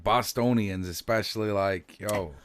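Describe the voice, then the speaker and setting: A man's voice: on the low side, a little slow. A man hosting a podcast, talking in a laid-back, slangy way and swearing casually. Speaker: podcast host.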